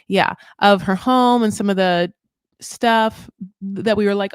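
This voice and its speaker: In a clean studio recording without echo, a woman hosts a live show recap with a mid-range, clean-toned voice, fairly even intonation and a measured pace. Her casual live-stream talk wanders, packed with fillers, tangents and playful jabs at herself.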